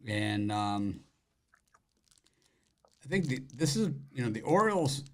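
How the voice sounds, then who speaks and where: A man hosting a live sports betting show, talking in quick, loose banter with slang. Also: mid-range voice. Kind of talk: casual live-stream chat.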